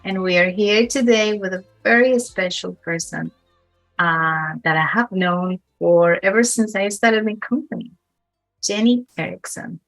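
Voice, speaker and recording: A woman's voice: mid-range voice, a little slow, a bit bright, no room sound, soft background music, poor audio. Podcast host woman, dry close sound. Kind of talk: podcast interview hosting.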